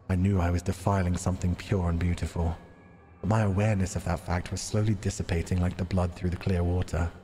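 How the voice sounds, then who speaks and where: A man's voice: low-pitched, long reverb tail, pitched below the performer's own voice, lightly acted. Man reading as a guilt-ridden young man. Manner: hushed, anguished first-person narration. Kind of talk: visual novel read-aloud.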